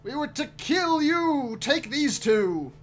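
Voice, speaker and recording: A man voicing a huge, arrogant male cloud giant who speaks slowly and loudly. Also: very high voice, very animated, faint music behind, pitched above the performer's own voice, full character voice. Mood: cornered.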